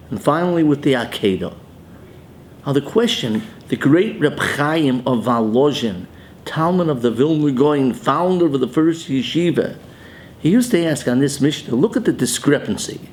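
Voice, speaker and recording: A man's voice: medium pitch, expressive, measured pace, a little mellow, slight background noise. An older man, a rabbi, giving a Torah sermon in English sprinkled with Hebrew and Yiddish terms in Ashkenazi pronunciation.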